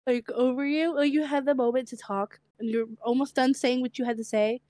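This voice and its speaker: A young woman co-hosts a casual podcast with a slight stutter and a lisp. Her voice sits a little high, and she talks in a chatty way, laughing often. The sound is dry and close. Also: steady tone, warm tone, dry recording. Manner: chatty, quick to laugh, repeats herself when tired. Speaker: podcast co-host. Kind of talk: casual chat.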